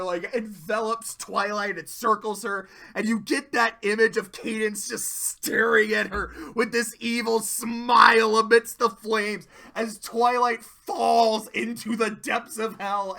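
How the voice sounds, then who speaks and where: Young reviewer ranting casually, swears a lot, slow and bright. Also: mid-range voice, gravelly. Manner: profane, excitable, ranting. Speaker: video reviewer. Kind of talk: casual spoken commentary.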